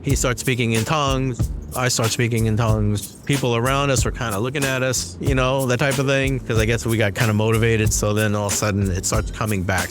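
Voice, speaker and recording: Storyteller, male, lively retelling with acted-out lines, music bed underneath. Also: medium pitch. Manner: animated, acts out quoted dialogue. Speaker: storyteller guest. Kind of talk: casual first-person storytelling.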